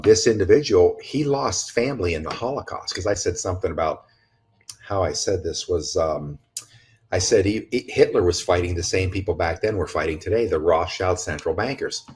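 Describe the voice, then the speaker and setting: A man talking in a casual podcast conversation, blunt and emphatic, rambling with restarts and swearing freely. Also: deep voice. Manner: rambling with frequent restarts and asides. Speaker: podcast guest speaker.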